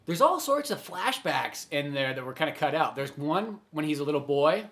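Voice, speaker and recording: This man co-hosts a casual film podcast, rambling about movies, laughing often and leaning heavily on "like." His voice is on the high side, very animated, a bit bright, and moderately paced.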